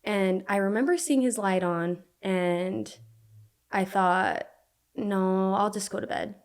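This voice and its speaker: A young woman from Utah, a podcast guest telling a personal story in a halting way full of "like" fillers. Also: mid-range voice. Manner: halting, filler-heavy speech with frequent "like".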